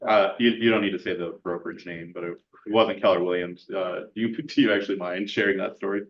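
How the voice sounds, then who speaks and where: A man in a meeting asking halting, hesitant questions. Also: deep voice, steady tone, slight background noise. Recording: muffled, in an echoey room.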